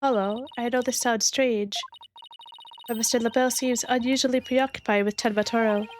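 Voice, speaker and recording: A woman's voice: a little high, steady tone, a little fast, slight background noise, close to an everyday voice. A woman reading an earnest young female lawyer from a game, explaining things plainly. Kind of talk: fan voicing of game dialogue.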